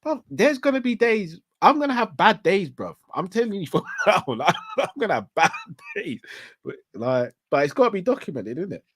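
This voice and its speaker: A man's voice: sits high, sing-song, a little fast, fairly bright tone, husky. A man co-hosting a live stream, chatting in a laid-back way and laughing often. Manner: laid-back, laughs often, says bruv and innit a lot. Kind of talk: casual chat with viewers.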